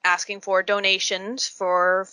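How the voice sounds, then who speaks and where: A woman's voice: medium pitch, level tone, slow pace, sharp tone, clean tone, dry recording. A young woman, a convention artist, chatting as a podcast guest and acting out quoted people as she tells a story. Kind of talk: casual podcast interview.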